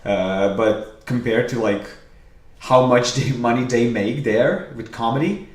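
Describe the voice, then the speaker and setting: A young man from Lithuania speaking English with a Lithuanian accent, chatting casually as a podcast guest, halting and repeating words. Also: mid-range voice. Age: young adult. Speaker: comedian guest. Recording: roomy echo.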